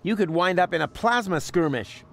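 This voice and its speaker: A man's voice: sits high, expressive, moderate pace, creaky, soft background music. An actor voicing a cocky, sarcastic young man in a video game, talking in a smug, scheming way. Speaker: game protagonist.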